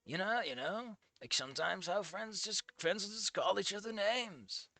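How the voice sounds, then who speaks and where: Casting note: reader playing a mellow, placating young guy in a fan fiction, quiet and low. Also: measured pace, no room sound.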